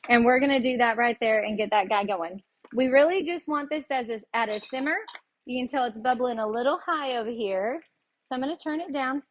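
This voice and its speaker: A woman's voice: a little high, brisk, slight background noise. A woman with a Tennessee Southern accent, hosting a live cooking lesson and chatting folksily with her viewers as she goes. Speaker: cooking show host.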